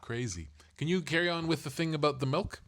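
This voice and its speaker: A man's voice: fairly high pitch, fairly quick, a bit bright. A middle-aged father co-hosting a casual family podcast, rambling and self-deprecating as he explains things.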